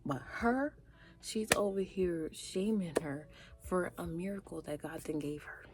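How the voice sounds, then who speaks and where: A young woman giving animated, chatty reaction commentary straight to her viewers, sometimes dropping into breathy half-whispered asides. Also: deep voice, measured pace, over music. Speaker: reaction vlogger.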